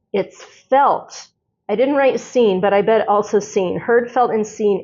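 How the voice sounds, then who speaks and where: A woman talking earnestly as a spiritual channeler, reading from her notes with halting restarts and bursts of eager emphasis. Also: fairly high pitch, darkish tone. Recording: dull lo-fi audio.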